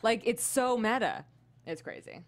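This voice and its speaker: A young woman co-hosting a podcast, recounting convention news in an animated, casual way with lots of "like.". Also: on the high side, unhurried. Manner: animated storytelling, heavy use of "like". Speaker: podcast co-host. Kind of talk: casual chat.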